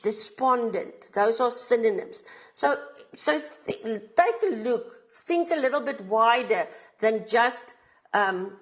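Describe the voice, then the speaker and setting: A woman with a South African accent teaches an exam revision lesson in a fairly high voice. She explains each point step by step and often pauses to ask "right?" to keep students with her.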